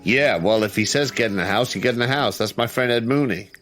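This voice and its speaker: A man voicing a calm rural leader who has found religion, with a folksy, coaxing drawl. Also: medium pitch, brisk, soft background music, voice pushed up, lightly acted.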